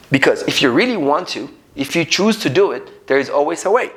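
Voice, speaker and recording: A man with an Ethiopian accent teaches an unscripted English grammar lesson, animatedly acting out short everyday dialogues as he explains. His voice is fairly high-pitched, quick, and has few pauses.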